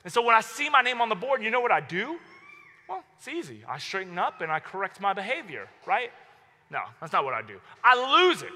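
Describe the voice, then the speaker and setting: Bright, lively man preaching in a hall. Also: sits high, a little fast. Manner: animated storytelling, acting out his own outbursts. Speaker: pastor. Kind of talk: sermon. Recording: long hall reverb.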